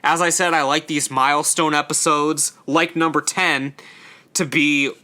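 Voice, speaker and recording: A man's voice: fairly high pitch, fairly even intonation, a little slow, pushed and bright. A young man hosting a casual solo ranking show, talking in a chatty way with lots of fillers and stumbling over his words now and then. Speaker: host ranking episodes.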